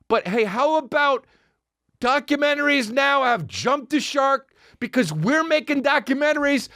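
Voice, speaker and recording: A man in his thirties hosts a podcast with a sarcastic, swearing comic rant, mimicking people as he goes. His voice sits high and swings widely in pitch. The recording is dry and close, with no room sound. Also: sharp tone, dry recording. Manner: sarcastic, swearing, mocking impressions. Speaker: podcast host. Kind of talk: comedic rant.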